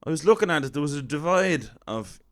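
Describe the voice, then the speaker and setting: A man's voice: on the high side, animated, brisk. Wry Irish man telling a story. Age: 30s. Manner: wry, self-deprecating, conversational. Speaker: comedian storyteller. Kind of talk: casual comic storytelling.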